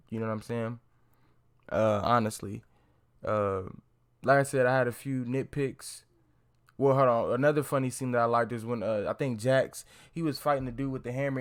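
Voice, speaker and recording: A man's voice: mid-range voice, smooth. A young man giving a casual, profane movie review, rambling with lots of slang, fillers and restarts.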